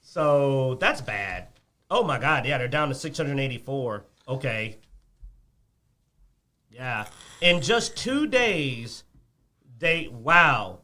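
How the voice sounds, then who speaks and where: A man co-hosting a casual chat show about games, ranting in an animated way and laughing often. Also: mid-range voice, takes it slowly, long pauses. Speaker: podcast co-host.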